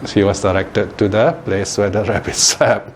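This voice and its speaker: A man's voice: lowish voice, fairly even intonation, normal speed. Buddhist teacher guy telling a fable, chatty, chuckles a lot, faint hum behind. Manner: chatty, chuckling, repeats words, asks the listeners rhetorical questions. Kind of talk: Dharma talk storytelling.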